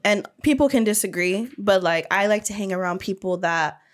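A woman's voice: mid-range voice, normal speed. A woman guest in a casual chat, opinionated and playful.

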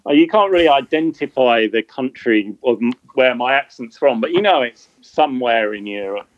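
A man's voice: medium pitch, animated, normal speed, no echo, muffled recording. An English man from England, a guest in a casual chat, speaking hesitantly and self-deprecatingly with many restarts.

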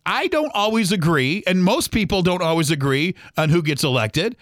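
Animated, high-pitched ranting man. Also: moderate pace, no echo. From Michigan, USA. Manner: emphatic and ranting, mimics other people's complaints. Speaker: podcast host. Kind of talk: opinionated solo podcast rant.

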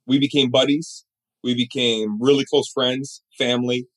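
A man's voice: medium pitch, normal speed. A middle-aged man in an interview, telling stories with energy and acting out the voices of the people in them. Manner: animated storyteller who acts out other people's voices. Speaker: guest. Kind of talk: storytelling interview chat.

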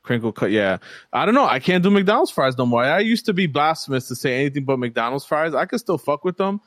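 A man's voice: on the high side, sing-song, a little fast, fairly bright tone, no echo. A young man in casual chat, a rambling, profane storyteller who acts out the people he quotes.

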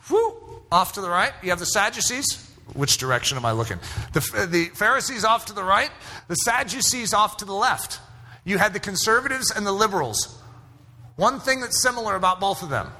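A man preaching a sermon as pastor, emphatic and rising to shouts at his strongest points. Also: high voice. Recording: hall reverb.

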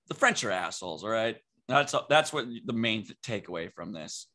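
Brief: young male co-host, bright forceful voice, fired-up cursing rant in casual podcast chat. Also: on the low side, fairly quick, gravelly. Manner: animated, swearing, ranting.

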